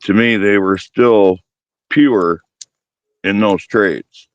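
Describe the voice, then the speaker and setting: A man's voice: lowish voice, very slow, dry recording, muffled recording. A man who breeds working dogs, explaining his views in an easygoing way, with many fillers. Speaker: dog breeder guest. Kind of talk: casual podcast discussion.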